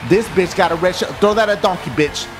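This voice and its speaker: A man giving loud, excited let's-play commentary, full of profane trash talk and yelling. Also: sits high, fairly quick. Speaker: gaming commentator. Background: game music.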